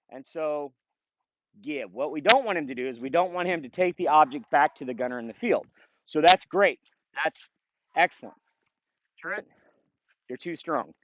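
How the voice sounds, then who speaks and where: Middle-aged dog trainer, man, lively talker with a high-ish voice, dull outdoor recording. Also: a little hiss or hum. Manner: explains plainly, then calls short upbeat commands to the dog. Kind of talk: outdoor training video with commentary. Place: outdoors in a field.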